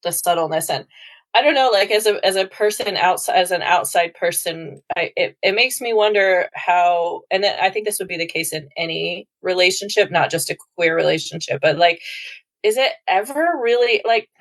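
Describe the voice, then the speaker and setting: Woman co-host, lowish voice, hesitant and reflective. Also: moderate pace. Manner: hesitant, thinks aloud with many restarts. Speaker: podcast co-host. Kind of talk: casual chat.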